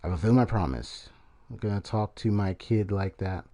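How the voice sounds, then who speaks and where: A man's voice: fairly low pitch, moderate pace, dark tone. A man streaming a game and giving casual commentary, rambling with many fillers and restarts.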